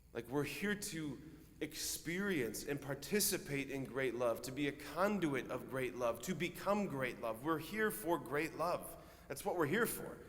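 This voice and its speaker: A man's voice: mid-range voice, a bit bright, long reverb tail. A man, a Catholic priest, giving a homily in an earnest, conversational way, often dropping casual asides into his preaching.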